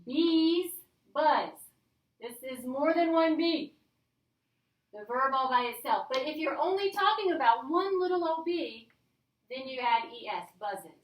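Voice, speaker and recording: Female teacher, high and bright, slow and upbeat, recorded from afar in an echoey classroom. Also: animated. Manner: upbeat, coaxing, checks in with "all right?". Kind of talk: classroom grammar lesson. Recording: echoey room, voice from a distance.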